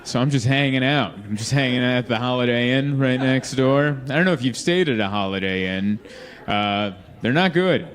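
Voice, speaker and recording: A man doing a stand-up comedy set in a club, telling stories with lively delivery and acting out the people in them. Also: mid-range voice, normal speed. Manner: lively storytelling, acts out quoted people in shifting voices. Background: audience laughter.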